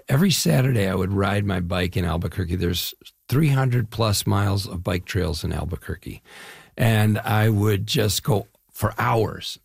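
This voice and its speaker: An older man from the Chicago area, an actor, talking through an interview in a relaxed storytelling way. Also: lowish voice, vocal fry, slightly rough, no room sound, clean studio sound. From Chicago area, US Midwest. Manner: relaxed storytelling, drawn-out phrases, frequent "yeah". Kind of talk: casual interview conversation.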